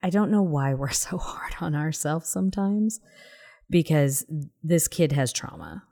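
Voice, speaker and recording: A woman's voice: deep voice, sing-song, unhurried, vocal fry, dark tone. A woman with a Southern accent co-hosting a podcast, talking casually and earnestly, sometimes dropping to a whisper. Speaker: podcast co-host. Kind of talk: casual chat.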